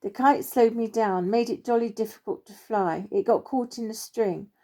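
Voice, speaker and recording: A woman's voice: on the high side, normal speed, dark tone. A woman doing a prim, proper old bird major. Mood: formal. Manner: clipped, formal, stiff-upper-lip phrasing.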